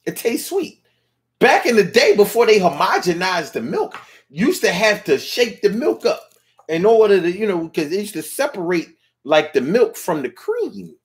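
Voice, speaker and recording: A man's voice: high-pitched, very animated, moderate pace. A man delivering a playful, slangy, rambling comedic monologue, at times mooing like a cow.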